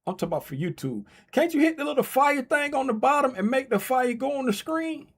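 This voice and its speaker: A man hosting a casual trading livestream, talking loosely and playfully straight to his chat, getting loud and excited as he calls a giveaway race. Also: very high-pitched, fairly quick.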